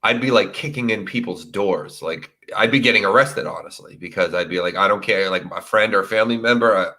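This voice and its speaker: A man's voice: lowish voice, brisk, pushed and bright. A man hosting a live true crime show, talking casually with lots of fillers and sympathy. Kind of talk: live stream interview.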